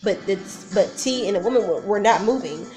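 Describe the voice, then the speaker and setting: A woman's voice: mid-range voice, fairly quick, darkish tone, soft background music. Rambling young woman telling a story. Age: 20s. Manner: rambling, emotional, many fillers and restarts. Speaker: vlogger. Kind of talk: casual storytelling.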